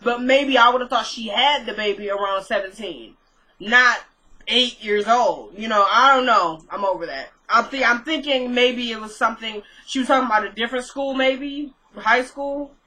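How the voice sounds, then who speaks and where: A woman's voice: a little high, moderate pace, sharp tone, low-quality recording. A woman chatting casually to her viewers as she recaps a TV episode, thinking aloud and questioning what she saw.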